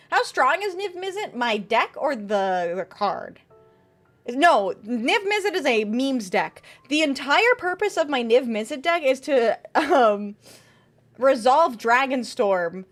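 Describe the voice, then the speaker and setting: A young woman streamer with a high, very lively voice that leaps all over. She chats casually and bubbly with her viewers, swearing freely. Faint music plays behind her. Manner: bubbly, swears casually, reads chat aloud. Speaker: VTuber streamer. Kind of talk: casual live-stream chat.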